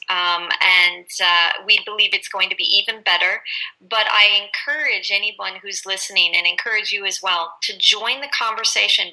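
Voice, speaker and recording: An enthusiastic woman promotes an upcoming conference in an interview. Her voice is strikingly bright and forward. She keeps a keen, promotional tone. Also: mid-range voice, poor audio. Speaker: conference representative. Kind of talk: casual interview.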